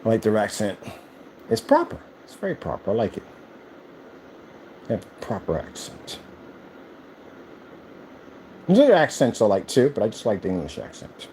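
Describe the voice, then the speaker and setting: A man's voice: medium pitch, expressive, brisk, a little mellow, a little hiss or hum. A man who owns a screen paint company, ranting casually on a livestream and firing off rhetorical questions.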